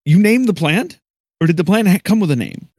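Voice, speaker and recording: Playful, animated male player. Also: high voice, brisk, no echo, studio quality. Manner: playful, laughing often. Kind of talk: tabletop role-play.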